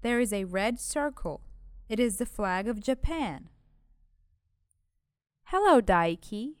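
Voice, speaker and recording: A woman voicing a friendly British schoolgirl at a party, speaking slowly and carefully in a scripted language-lesson dialogue. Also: a little high, lively intonation, clear, resonant tone, no room sound, studio quality. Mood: cheerful.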